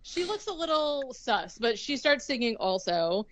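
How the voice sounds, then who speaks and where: A woman's voice: on the high side, big pitch swings, unhurried, no room sound, highs cut off. A young woman casually recapping a movie on a podcast, sarcastic and rambling, full of "like" and the odd swear word.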